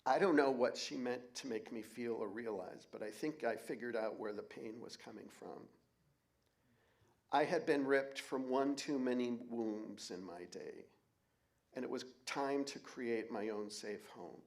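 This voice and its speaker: A man's voice: mid-range voice, a little slow, vocal fry. A man in his forties performing a personal story on stage, candid and wry, with blunt swearing. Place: auditorium stage.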